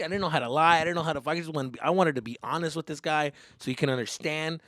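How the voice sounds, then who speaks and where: A man hosting a podcast, telling a story in a casual, animated way with heavy swearing. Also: on the high side, quick pace, no room sound, studio quality. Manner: animated, profane, lots of fillers. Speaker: podcast host.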